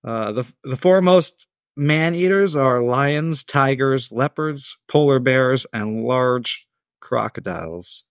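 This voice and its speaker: A man's voice: mid-range voice, expressive, takes it slowly, no room sound. A man telling a story on a casual podcast, reading from his script but breaking off for offhand asides. His voice sits in the middle of the range. It is recorded close and dry. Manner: laid-back, reading with asides and chuckles. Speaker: podcast host.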